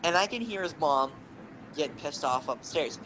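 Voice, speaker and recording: A young man and podcast co-host telling rambling, animated gaming anecdotes, swearing freely. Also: fairly high pitch, moderate pace, slight background noise, low-quality recording. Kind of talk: casual storytelling.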